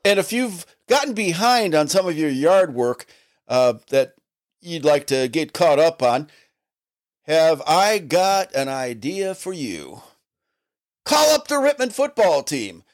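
A man's voice: on the high side, expressive, takes it slowly. A middle-aged man hosting a small local podcast, talking in a folksy, rambling way and reading sponsor plugs like casual chat. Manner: folksy and rambling, leaning on "you know"; reads sponsor plugs in a chatty way. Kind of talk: casual solo podcast talk.

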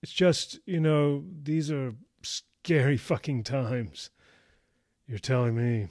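A man's voice: medium pitch, measured pace, no echo, clean studio sound, pitched above the performer's own voice, close to an everyday voice. A man voicing a candid young woman. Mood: earnest. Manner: calling out loud.

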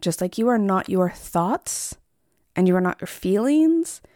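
A woman host of a therapy podcast speaks straight to her listener, whom she calls friend. Her voice sits at a middle pitch. The recording is dry and close, with no room sound. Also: animated, unhurried, no echo. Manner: warm, conversational, addresses listener as friend. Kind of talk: solo podcast talk.

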